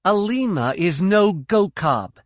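A man's voice: sits high, very animated, slow, no echo, clean studio sound, voice pushed up, heavily acted. A man reading as a firm young Jedi woman. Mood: urgent. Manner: firm, pointed, impatient.

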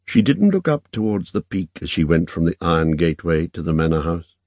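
Deep-voiced man narrating a novel. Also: big pitch swings, fairly quick, darkish tone, no room sound. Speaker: audiobook narrator. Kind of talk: scripted narration.

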